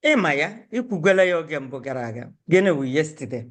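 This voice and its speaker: A woman's voice: low-pitched, expressive. Patient woman teaching on a video call. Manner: patient, repeats phrases slowly for learners. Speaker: Igbo language teacher. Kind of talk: online language lesson.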